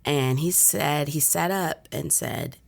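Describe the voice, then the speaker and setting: A woman's voice: deep voice, expressive, slow, vocal fry. A woman as a podcast guest, telling her personal testimony vividly and acting out her own past thoughts.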